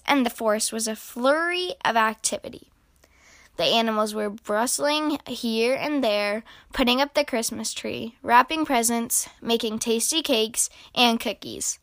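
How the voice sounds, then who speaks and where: A woman reading a children's picture book aloud, with expressive storytelling. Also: fairly high pitch, no echo.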